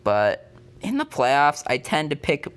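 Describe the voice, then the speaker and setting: A man talking casually to camera in a sports predictions vlog, an excitable fan who rambles and fills his talk with "um"s. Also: a little high, measured pace, clean tone. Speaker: vlogger.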